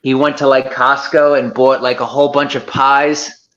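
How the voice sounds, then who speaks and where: A man's voice: mid-range voice, flat delivery, normal speed, a bit bright. Chuckling man, dull lo-fi sound. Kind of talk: casual group chat. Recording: dull lo-fi audio.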